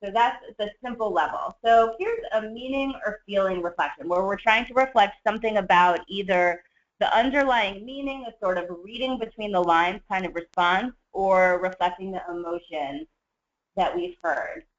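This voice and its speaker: Webinar trainer, measured, explanatory, mid-pitched, muffled lo-fi sound. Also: a bit bright. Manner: measured, explanatory, with frequent fillers. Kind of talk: webinar teaching. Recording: dull lo-fi webinar audio.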